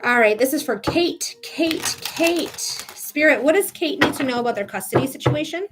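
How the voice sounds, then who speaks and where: A woman's voice: high-pitched, animated, a little fast, fairly bright tone, soft background music. A woman hosting a live-streamed psychic tarot reading. She talks casually and emphatically, swearing freely. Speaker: psychic reader.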